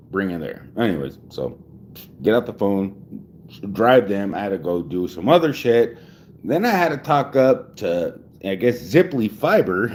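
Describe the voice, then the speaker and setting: A man's voice: medium pitch, darkish tone. A man in his forties talking casually at home, rambling with lots of swearing and restarts. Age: 40s. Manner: profane, rambling, restarts often. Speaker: vlogger.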